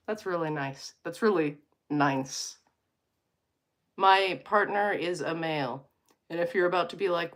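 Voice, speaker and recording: Here a woman in her thirties from Alberta, Canada, vlogs in a relaxed, playful way, wandering off on tangents and breaking off mid-thought. Her voice sits on the low side and has a fairly bright tone.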